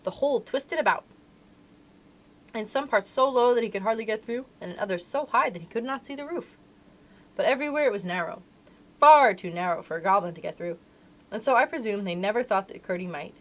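A woman, a librarian, reading a storybook aloud to children in an expressive, animated way. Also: medium pitch, a little fast.

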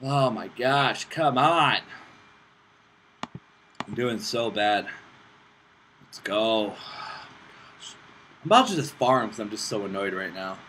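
Excitable man talking over a game. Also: fairly low pitch, slow pace, long pauses, a little hiss or hum, poor audio. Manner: excitable, talks to himself and teammates, bursts of frustration. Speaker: gaming channel host. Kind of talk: casual gameplay commentary.

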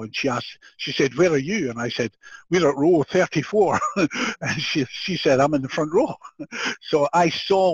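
An older man from Scotland with a Scottish accent, a podcast guest telling an animated story with frequent laughter and restarted sentences. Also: mid-range voice, husky, no room sound. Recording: dull, dry lo-fi audio.

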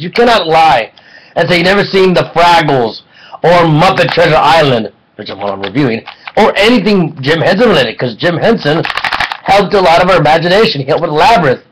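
A man giving a casual online film review, excitable and rambling, with jokes between points. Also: fairly high pitch, a little fast, rough recording.

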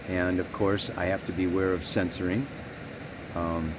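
A man's voice: sits low, background noise. A man giving a rambling, earnest spiritual astrology talk, leaning hard on key words.

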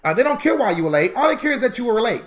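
Lively high-voiced man teaching a class. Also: very fast. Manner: animated, chatty, acts out mock quotes; talks to viewers as "y'all". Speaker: credit repair instructor. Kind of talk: live-streamed class.

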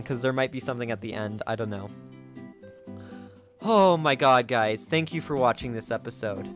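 A man giving let's play commentary as a gaming video creator, excitable, gasping and chatting to his viewers. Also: mid-range voice.

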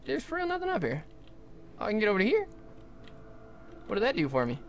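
A young adult livestreamer giving jokey, excitable commentary while playing, often talking to the game's characters. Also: mid-range voice, fast talker, slight background noise. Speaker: gaming livestreamer. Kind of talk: live gameplay commentary.

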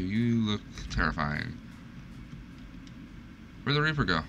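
A young gaming streamer provides live commentary, talking to the game in a panicky, self-mocking way as things go wrong. His voice is lowish and lively in intonation, a little slow with frequent pauses, and pushed and bright. There's slight background noise.

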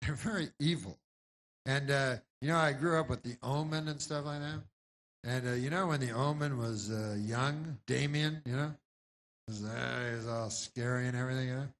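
A man performing a rambling stand-up set, halting and deadpan, with lots of restarts, in a live bootleg recording. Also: mid-range voice. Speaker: stand-up comedian.

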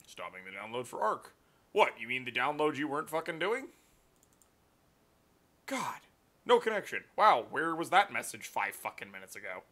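A man's voice: medium pitch, very animated, moderate pace, pauses often, bright, forceful tone. A man streaming live, ranting in a profane, exasperated way at his computer.

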